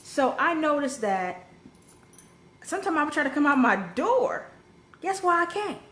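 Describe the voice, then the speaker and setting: A young woman with a higher voice tells a personal story in a casual storytime vlog monologue. She's blunt, salty, and profane, animated and quick to heat up with sudden rises, recorded in an echoey home room with faint background noise.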